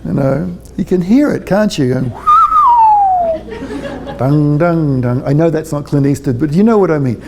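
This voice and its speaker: A man's voice: a little high, lively intonation, brisk, vocal fry, hardly any pauses, crowd noise. A man giving a public talk to parents as a parenting consultant, chatty and joking, often checking in with his audience.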